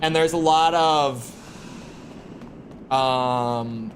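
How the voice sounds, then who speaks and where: A man's voice: mid-range voice, very slow. A young American man chatting casually with his stream chat, rambling and stumbling over his words. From United States. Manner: rambling, repeats words when starting sentences. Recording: clear background noise.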